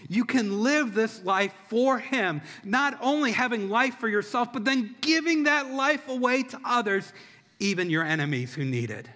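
A man's voice: very high voice, lively intonation, moderate pace, pushed and bright. A man preaching a sermon as a pastor, impassioned, with rhythmic repetition. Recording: long hall reverb.

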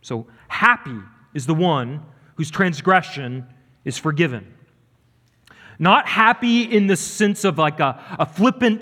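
A man's voice: fairly high pitch, fairly bright tone. A man preaching a sermon as pastor, earnest and emphatic, building and dropping his delivery. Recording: reverberant church hall.

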